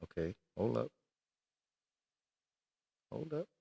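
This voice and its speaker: A man's voice: mid-range voice, sing-song, slow pace, creaky, dark tone, slightly rough, no echo. A man live-streaming casual chat from his computer, swearing in frustration and greeting viewers as he works.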